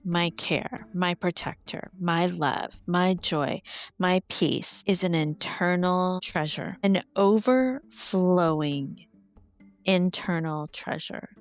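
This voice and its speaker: A woman hosting a podcast, telling personal stories in a theatrical, self-mocking way with playful asides. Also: lowish voice. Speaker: podcast host. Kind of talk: personal storytelling monologue.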